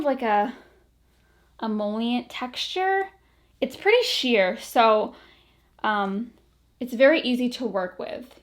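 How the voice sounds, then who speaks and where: Slightly breathless chatty woman vlogger. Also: fairly high pitch. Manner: chatty, filler-heavy, enthusiastic about products. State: a bit out of breath. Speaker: beauty vlogger. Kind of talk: casual product review.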